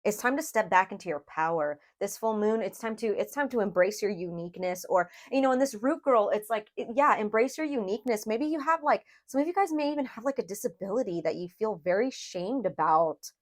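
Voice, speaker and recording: A woman's voice: medium pitch, expressive, brisk, few pauses. A woman giving a casual tarot reading, chatty and emotional, addressing her viewers as "you guys" with lots of "like". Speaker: tarot reader.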